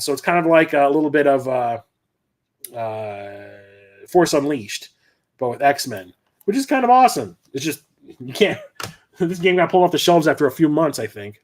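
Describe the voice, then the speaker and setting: A middle-aged man hosting a livestream, telling stories in a loose, rambling, conversational way. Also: a little high. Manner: rambling, conversational storytelling with frequent restarts. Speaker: host. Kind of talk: casual livestream chat.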